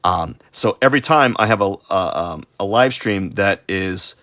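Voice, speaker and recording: A man's voice: low voice, moderate pace, pushed and bright, no echo, studio quality. A man chatting casually on a livestream while drawing, rambling, stuttering and putting himself down. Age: adult. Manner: rambling, self-deprecating, stuttering. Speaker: streaming artist.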